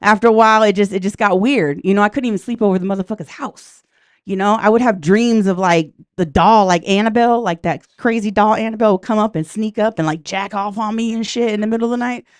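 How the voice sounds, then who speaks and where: A woman's voice: mid-range voice, quick pace, no room sound, clean studio sound. A woman doing a brash, profane stand-up comedy set in a comedy club, talking straight to the crowd.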